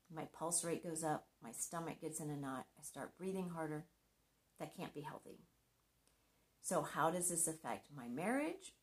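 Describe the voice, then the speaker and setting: Middle-aged woman speaker, lowish voice, earnest devotional talk with a light touch of humor. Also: lively intonation, moderate pace. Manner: earnest and conversational, with gentle humor. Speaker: Christian marriage speaker.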